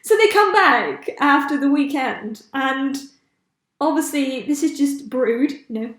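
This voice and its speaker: Young woman, podcast host, high-pitched and chatty, recorded in an echoey room. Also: lively intonation, measured pace, a bit bright. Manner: chatty, laughs often, loses track of names. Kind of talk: casual chat.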